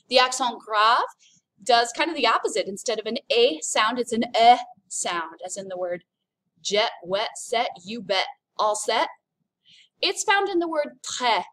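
An American woman teaching a recorded French lesson, upbeat and explaining slowly as she demonstrates sounds. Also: on the high side, fairly bright tone. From United States.

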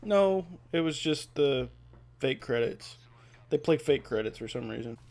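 A man giving casual, joking commentary while playing a video game, excitable and cursing freely. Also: mid-range voice, unhurried, vocal fry. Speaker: gameplay video host. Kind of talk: casual let's-play commentary.

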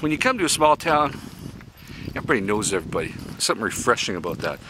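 Over a noisy background, a fifty-something man from Canada's Yukon who vlogs from his RV speaks very animatedly at a quick pace in a fairly low voice. His monologue is folksy, blunt, casual and opinionated, and he chuckles at his own jokes.

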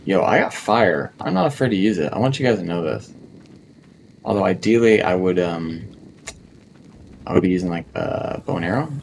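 A man's voice: sits low, animated, moderate pace, gravelly, pauses often, a little hiss or hum. A man from North America giving casual commentary as he streams a survival game, chatting to himself and to the creatures and often repeating words. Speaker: gaming streamer.

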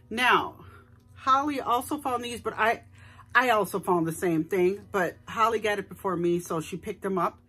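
A husky, slightly breathy middle-aged woman chats at home about her shopping finds. She speaks straight to her viewers, chatty and enthusiastic, at a middling pitch. Soft music plays faintly underneath. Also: moderate pace. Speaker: vlogger showing a shopping haul. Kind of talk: casual haul vlog chat. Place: at home indoors.

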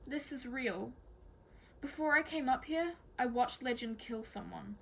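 A woman's voice: on the high side, expressive, unhurried, vocal fry, breathy edge, heavily acted. A woman voicing an anxious young older sister who pleads urgently, in a fan-read audiobook. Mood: pleading.

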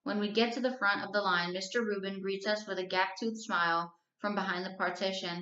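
A woman's voice: medium pitch, steady tone, a little fast, few pauses, pushed and bright. Woman reading a novel aloud. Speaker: teacher. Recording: roomy, slightly dull recording.

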